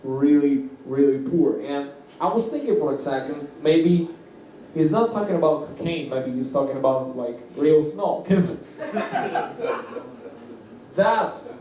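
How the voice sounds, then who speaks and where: A Russian-accented man works through a stand-up set, stumbling and restarting his phrases with little giggles in between. His fairly high voice rings through a very echoey room, picked up from some distance with a faint hiss underneath. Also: animated, slow, dark tone. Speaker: stand-up comedian. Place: comedy club open-mic stage.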